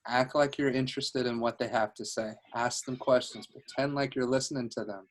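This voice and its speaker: A man's voice: mid-range voice, steady tone, a little fast. A man coaching a sales team on a video call from home, upbeat, laughing easily and restarting his phrases, talking into a headset.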